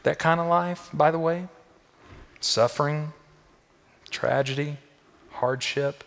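A male pastor delivering a sermon to his church, repeating phrases for emphasis and swinging from loud, high peaks down to soft, low tones. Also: takes it slowly, gravelly, big-room sound.

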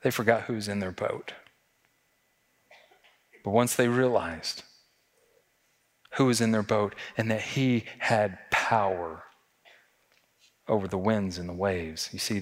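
A man's voice: fairly low pitch, takes it slowly, long pauses, big-room sound. A man preaching a sermon as a pastor, talking conversationally and asking the congregation rhetorical questions.

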